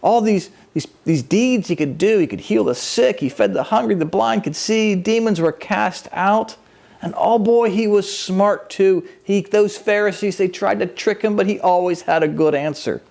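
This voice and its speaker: A man's voice: sits high, moderate pace, vocal fry, few pauses, darkish tone. A man preaching a conversational sermon, telling the story with animation and acting out the people in it. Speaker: pastor.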